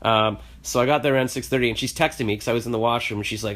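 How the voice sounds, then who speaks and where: A man's voice: mid-range voice, steady tone, racing, a bit bright. A man with a stuffy, nasal voice from a cold, casually telling a rambling, self-mocking story to his phone camera and acting out the other people's lines. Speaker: vlogger.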